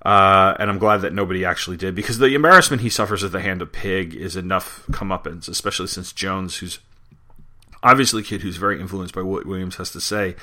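A male podcast host retells and reviews a war comic in a conversational way, with occasional fillers. His voice sits a bit low but has a bright, forceful edge. He sounds like he is talking straight to the listener. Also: fast. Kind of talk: comic book recap and review.

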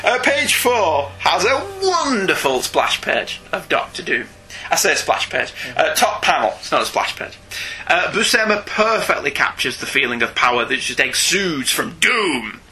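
Animated laughing man, bright voice. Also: fairly high pitch, faint music behind. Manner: animated, laughs often, quick asides. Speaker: podcast co-host. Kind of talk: casual chat about comics.

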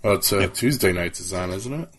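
A man's voice: low voice, lively intonation, fairly quick, a bit bright, slight background noise. Profane, rambling man hosting a call. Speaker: podcast host. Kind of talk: casual chat. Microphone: online call.

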